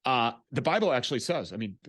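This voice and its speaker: A man's voice: mid-range voice, very animated, quick pace, fairly bright tone, breathy edge, no echo, clean studio sound. A man hosting an interview, asking curious, probing questions and thinking aloud as he goes. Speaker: host.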